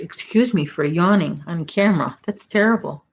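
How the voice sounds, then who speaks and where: A woman's voice: lowish voice, moderate pace, muffled recording. A middle-aged woman hosting a casual crochet live stream, chatting and rambling as she reads viewer comments. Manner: chatty, rambling, self-correcting. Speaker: crochet channel host.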